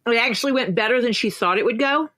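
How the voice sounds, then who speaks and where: A woman's voice: a little high, quick pace, fairly bright tone, dry recording. A woman co-hosting a livestream podcast. She teases in a playful, motherly way while chatting casually. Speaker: podcast co-host.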